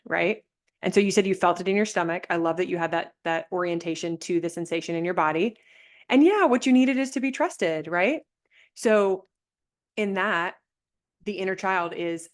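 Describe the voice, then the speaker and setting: A woman coaching a group over a video call, reflective and gentle, often restarting her sentences. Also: fairly low pitch, moderate pace. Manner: gentle, reflective, thinks aloud with many restarts. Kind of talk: live online coaching session.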